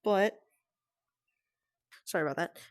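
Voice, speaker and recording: A woman talking quietly and carefully at home, explaining herself to friends with nervous laughs. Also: fairly low pitch, slow pace. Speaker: vlogger. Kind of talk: casual explainer talk to friends. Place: at home with family nearby.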